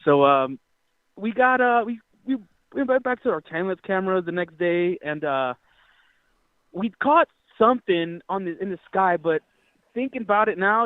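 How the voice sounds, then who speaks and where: A man's voice: fairly high pitch, dry recording. A young man calling in from Utah, telling his story in a rambling, casual way with lots of fillers and swearing. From Utah, United States. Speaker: caller. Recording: tinny dry phone line.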